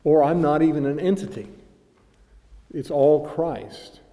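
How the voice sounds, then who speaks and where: A man preaching a sermon in an earnest way, reading passages aloud and building to loud, emphatic peaks. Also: fairly high pitch, fairly even intonation, a little slow, long reverb tail.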